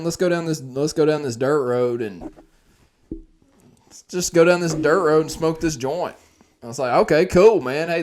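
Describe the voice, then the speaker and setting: A man casually telling a wild story on a podcast, animated and profane, his voice swinging from loud to quiet. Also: medium pitch.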